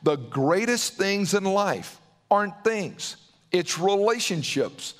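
Southern guy preaching, kinda high voice, earnest, lots of repeats and restarts. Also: lively intonation, unhurried. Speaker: pastor. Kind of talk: sermon.

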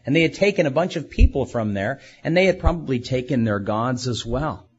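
A man's voice: medium pitch, animated, a little fast, slightly rough, lo-fi sound. A man preaching a sermon as a pastor, asking rhetorical questions and acting out quoted speakers.

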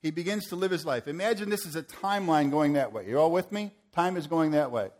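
A man's voice: on the high side, quick pace. Fiery, joking preacher man. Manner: rises to forceful proclamations, then playful and joking with volunteers. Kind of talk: sermon with live audience demonstration.

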